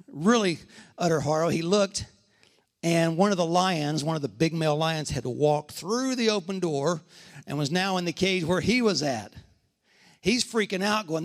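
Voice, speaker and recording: A man's voice: fairly high pitch, fairly bright tone. A middle-aged man, a pastor, preaching a sermon and telling stories with emphatic repetition.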